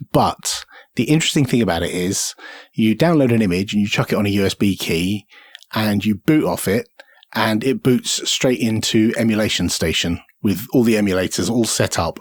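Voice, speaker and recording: A man's voice: on the low side, normal speed, no room sound, studio quality. A man co-hosting a casual tech podcast, rambling along with fillers and restarts. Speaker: podcast co-host.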